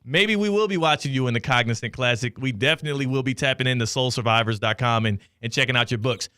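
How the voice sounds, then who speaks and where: A man's voice: mid-range voice, quick pace, bright, forceful tone, clean tone, no echo, clean studio sound. A man hosting a sports radio show, asking questions in a playful, teasing way. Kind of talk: casual sports radio interview.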